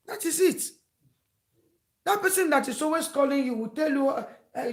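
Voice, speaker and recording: A woman's voice: sits high, animated, moderate pace. Lady preaching advice, repeats herself a lot, acts out what friends would say. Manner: emphatic and repetitive, acts out quoted friends. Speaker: advice vlogger. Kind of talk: preachy advice talk to camera.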